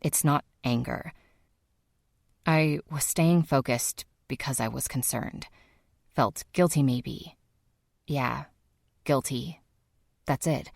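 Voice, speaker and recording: A woman puts on a reserved adult man with a Serbian accent for an audiobook. He speaks slowly and stiffly, avoiding contractions, in a deep gravelly tone. The recording is dry and close. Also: dry recording, heavily acted. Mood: quiet. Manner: slow, clipped, avoids contractions.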